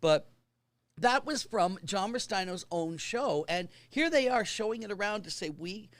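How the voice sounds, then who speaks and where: A man's voice: sits high, animated, fairly bright tone, dry recording. A man hosting a casual talk show, reading out viewer comments and teasing his guests. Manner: brisk, relays comments, teasing. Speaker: host.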